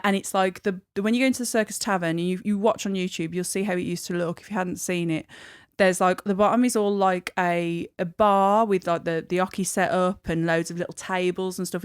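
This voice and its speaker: A woman's voice: lowish voice, clean tone, no echo, studio quality. A woman guest on a podcast, chatting casually and rambling a little, with lots of fillers and laughs. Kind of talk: casual chat.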